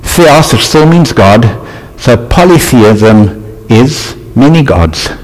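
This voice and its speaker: A man's voice: mid-range voice, expressive, slow pace. A man preaching a sermon, reading scripture aloud and then bantering with and quizzing his congregation. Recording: reverberant hall.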